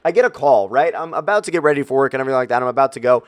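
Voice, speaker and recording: Fast-talking young man ranting, dry sound. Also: medium pitch, lively intonation, dry recording. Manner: profane, exasperated ranting; addresses viewers directly. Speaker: YouTube gaming creator. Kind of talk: casual storytelling rant.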